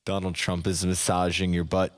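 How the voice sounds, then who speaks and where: Male narrator, low voice, slow hypnotic parody delivery, long echo tail. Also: monotone. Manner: slow, soft, second-person hypnotic narration. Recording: long hall reverb.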